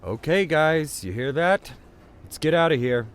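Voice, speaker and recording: A gruff game cop, blunt, lively pitch. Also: male voice, measured pace, noisy background. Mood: curt. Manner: blunt and curt.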